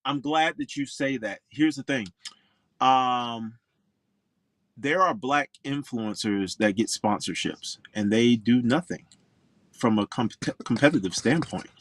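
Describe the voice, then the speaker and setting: A man's voice: mid-range voice, unhurried, dry recording. Outspoken man from Florida, dry sound. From Orlando, Florida. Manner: outspoken, emphatic, animated storyteller. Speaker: pro golfer guest. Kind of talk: interview storytelling.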